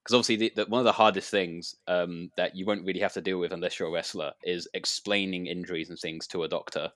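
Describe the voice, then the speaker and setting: Man, low pitch, rambling, filler-heavy, dry recording. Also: steady tone, fast, a bit bright, no room sound. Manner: rambling, with many fillers and restarts. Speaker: wrestler. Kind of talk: casual storytelling chat.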